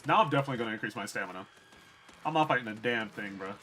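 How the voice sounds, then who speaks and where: Bright-voiced male game streamer. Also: fairly low pitch, lively intonation, rapid-fire, slight background noise. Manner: chatty, profane, talks to viewers. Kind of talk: casual gameplay commentary.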